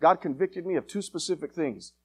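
A man preaching an evangelistic sermon, confrontational and fiery, swinging between loud urgent lines and hushed ones. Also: on the high side, fairly quick, breathy edge.

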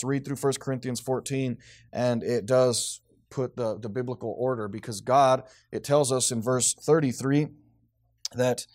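A man's voice: medium pitch, darkish tone. A man preaching a sermon in a church, emphatic, with frequent restarts. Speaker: pastor.

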